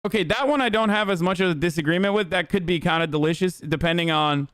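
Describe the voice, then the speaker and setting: Male livestream commentator, profane and animated, smooth tone, dead-dry sound. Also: sits high, fast, dry recording. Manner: profane, animated, rambling riffs. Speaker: streamer, political commentator. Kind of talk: casual livestream reaction commentary.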